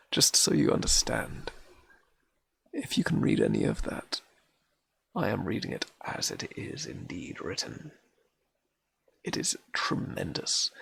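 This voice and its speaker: Gravelly deep-voiced man reading poetry. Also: a bit bright. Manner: reads Scots dialect verse aloud, stumbles and corrects himself. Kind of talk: live-streamed poetry reading.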